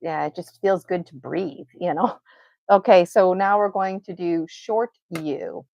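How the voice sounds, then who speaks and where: A woman's voice: fairly low pitch, unhurried, creaky, a little mellow, no room sound, dull audio. A woman teaching an unscripted guided vocal exercise, encouraging and laughing often as she draws out vowel sounds. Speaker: voice and breathing teacher.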